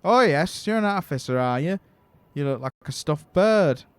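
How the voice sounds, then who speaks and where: A man voicing a gruff, irritable but kind woman mechanic in a game, with a put-on Yorkshire accent and a loud, blunt, grumbling manner. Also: fairly high pitch, lively intonation, moderate pace, no room sound, close to an everyday voice.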